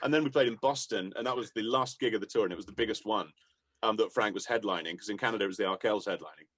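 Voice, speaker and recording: A man's voice: lowish voice, rapid-fire, a bit bright, slightly rough, dry recording. A man telling enthusiastic, rambling anecdotes about his music career in a casual interview, laughing often. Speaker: musician guest.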